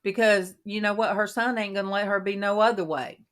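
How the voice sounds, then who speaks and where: A middle-aged woman hosting a casual chat, telling folksy stories in an animated way and quoting herself. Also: mid-range voice, a little fast. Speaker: host of a Christian women's coffee talk panel.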